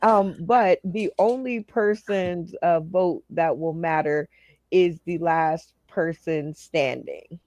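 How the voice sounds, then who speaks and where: A slow, unhurried host explains the rules of a comedy game show. The sound is close and dry, and the tone is teasing. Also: medium pitch, darkish tone, no room sound, lo-fi sound. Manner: laughs often, teasing. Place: remote video call.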